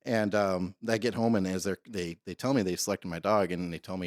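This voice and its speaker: Male guest, police dog trainer, deep voice, rambling storyteller, dry studio. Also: steady tone, quick pace, hardly any pauses, dry recording. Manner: rambling, self-interrupting storyteller. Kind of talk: casual storytelling interview.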